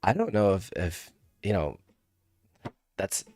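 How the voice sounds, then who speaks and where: A man doing a quick, offhand impression of a tech billionaire, stammering and trailing off. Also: sits low, sing-song, darkish tone, no echo, heavily acted. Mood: hesitant.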